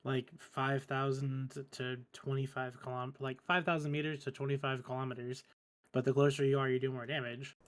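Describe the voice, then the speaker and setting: A man's voice: mid-range voice, little pitch movement, normal speed. A man in a casual gaming chat, giving short confident answers.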